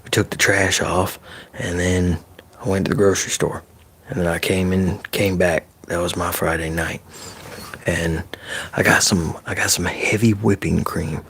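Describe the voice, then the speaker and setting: A man chatting casually on an ASMR live stream, soft-spoken and slipping into whispers, loose and a bit profane. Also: low voice, fairly even intonation, moderate pace, vocal fry, slightly rough.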